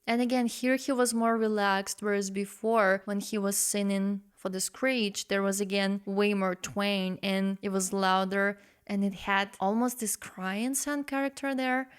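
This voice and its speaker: Expressive woman in reaction commentary. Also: mid-range voice, a little slow, hardly any pauses, smooth. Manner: expressive, sings snippets to illustrate. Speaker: host reacting to a song.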